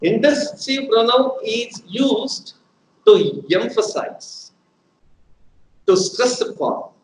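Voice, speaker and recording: A man teaching a grammar lesson, deliberate and repeating his examples for emphasis. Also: very high-pitched, expressive. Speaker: English teacher. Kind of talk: live educational lecture. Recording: roomy echo with faint room hum.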